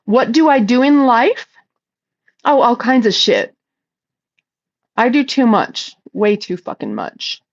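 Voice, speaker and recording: Very animated yet slow, with long pauses, a woman with a fairly high voice chats on a casual livestream. She reads viewer comments aloud and answers bluntly and talkatively, swearing plenty. The recording is slightly muffled and lo-fi.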